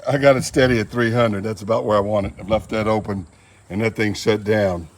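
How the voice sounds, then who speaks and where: A man's voice: fairly low pitch, steady tone, fairly quick, slight background noise. A man demonstrating barbecue at an outdoor grill, with folksy joking asides. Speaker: barbecue channel host. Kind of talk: casual cooking demonstration.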